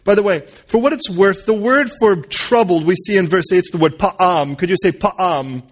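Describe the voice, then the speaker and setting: High-voiced animated male preacher. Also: moderate pace. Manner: animated, conversational, full of asides and playful jokes. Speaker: pastor. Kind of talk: sermon.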